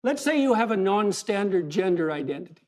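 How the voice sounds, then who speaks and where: A man answering in an interview clip, measured and lecturing as he lays out his reasoning. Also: high voice, sing-song, a little mellow. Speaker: pundit in a played clip.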